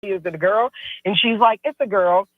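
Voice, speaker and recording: A woman's voice: mid-range voice, normal speed, no room sound. A woman calling in to a radio show, animatedly telling a personal story and acting out the quotes. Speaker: caller. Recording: tinny phone line.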